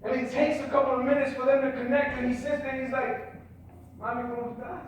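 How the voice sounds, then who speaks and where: A middle-aged man, a social worker, giving a motivational speech and telling stories with passion that rises to loud emphasis. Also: very high voice, flat delivery, fast talker. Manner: impassioned storytelling, rising to loud emphasis. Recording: very echoey hall, distant mic, faint noise.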